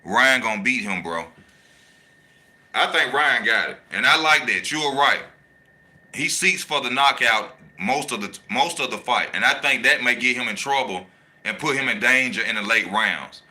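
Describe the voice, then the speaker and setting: Bright-voiced man hyping a fight. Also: mid-range voice, normal speed. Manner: animated, slangy, repeats his points for emphasis. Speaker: boxing channel host. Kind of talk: casual boxing talk, reading live chat.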